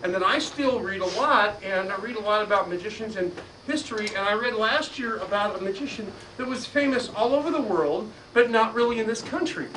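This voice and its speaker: A man performing a magic trick for a live audience, teasing them playfully and drawing shouted answers back from them. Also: sits high, lively intonation, fairly quick. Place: magic store lecture room, indoors. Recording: distant mic with noisy live room.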